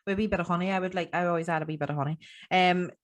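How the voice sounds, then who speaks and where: A woman's voice: fairly low pitch, fairly even intonation, racing. A young woman with a Northern Irish accent from the Tyrone border area, hosting a casual podcast interview, laughing often and using local expressions. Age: young adult. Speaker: podcast host and strongwoman.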